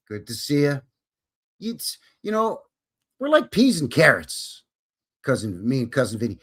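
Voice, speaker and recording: Brief: upbeat male streamer, animated pitch, joking and greeting viewers. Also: moderate pace, husky. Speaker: host. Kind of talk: casual livestream chat.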